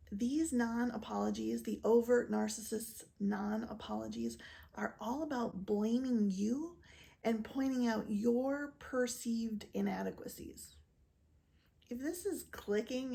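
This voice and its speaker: A woman gives a scripted educational talk, explaining clearly and at a measured pace. Her voice sits fairly high yet has a soft, mellow color. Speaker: physician and narcissistic abuse educator.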